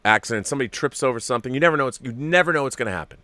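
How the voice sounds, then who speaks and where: A man hosting a casual live-stream show and answering viewer messages. He is excitable and swears often, dropping to near-whispers and then bursting out loud. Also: medium pitch, racing, no echo.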